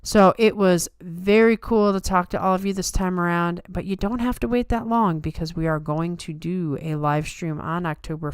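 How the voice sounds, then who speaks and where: A woman's voice: on the low side, clear, resonant tone, dry recording, clean studio sound. A tired woman hosting a livestream, chatting casually and answering comments from her viewers. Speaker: livestream host.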